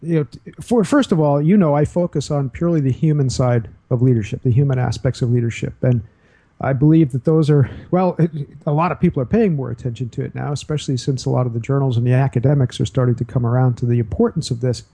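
A man's voice: medium pitch, quick pace, mellow, slightly rough. A man speaking as a guest on a talk show, explaining his ideas in an earnest, conversational way with frequent restarts. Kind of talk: casual interview talk.

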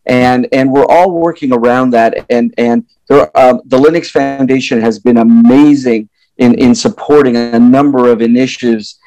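A man's voice: medium pitch, steady tone, moderate pace, mellow, no room sound, rough recording. A man being interviewed as a company executive, explaining ideas thoughtfully with many fillers and restarts. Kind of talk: interview conversation.

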